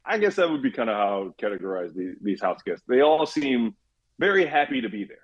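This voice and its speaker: A man talking as a podcast guest in casual chat, animated, laughing often and acting out quotes. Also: medium pitch, fast talker, lo-fi sound.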